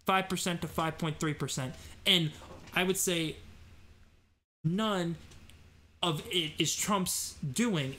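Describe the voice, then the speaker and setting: Guy with a slightly high voice doing a live political rant show, lots of ums and restarts. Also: sharp tone, slight background noise. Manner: opinionated, rambling with fillers and restarts. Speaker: host.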